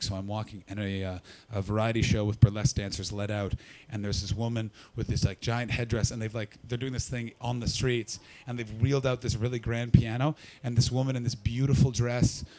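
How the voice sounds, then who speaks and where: A man doing a stand-up comedy set and chatting with the crowd, hoarse from losing his voice, loud and sweary, with sudden leaps into a shrieking high register. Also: level tone, a little fast, few pauses, slight background noise.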